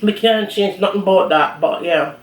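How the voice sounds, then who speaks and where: A woman's voice: mid-range voice, normal speed. A woman with a thick Jamaican accent chats bluntly and casually, slipping into patois. Her voice rings around a reverberant room. The microphone sits a little away from her. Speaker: cooking channel host. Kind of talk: casual mukbang chat. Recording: roomy audio from a distant mic.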